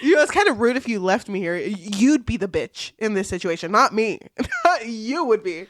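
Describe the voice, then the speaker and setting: A woman's voice: medium pitch, sing-song, moderate pace, no room sound, clean studio sound. A young woman co-hosting a casual book podcast, playful and giggly as she quotes characters. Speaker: podcast co-host.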